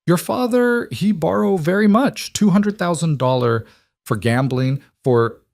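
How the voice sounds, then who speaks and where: Audiobook casting: a man plays a cold, courteous Eastern European mob heavy, calm threat in broken English, pitched above his own voice. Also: measured pace, vocal fry, no room sound, studio quality. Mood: menacing. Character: cold courteous male mob enforcer, tall.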